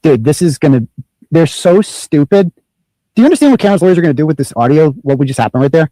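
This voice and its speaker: A man hosting a recorded phone call, staying calm and wry while he keeps pressing the same questions. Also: on the high side, fast, no echo. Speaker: blogger and show host.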